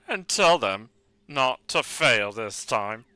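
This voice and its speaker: A man reading a villainous male leader's lines in a slow, stern, commanding way on a live stream. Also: medium pitch, very animated, bright, forceful tone, smooth, no room sound, heavily acted. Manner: slow, stern, barked orders.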